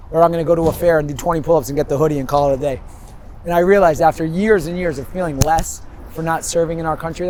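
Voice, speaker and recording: A man in his fifties speaks a little higher than most men, wandering from one memory to the next with lively, laughing storytelling. He is recorded outdoors, with faint street noise under his voice. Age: 50s. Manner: rambling, animated storytelling, laughs often. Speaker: interviewee. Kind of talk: street interview.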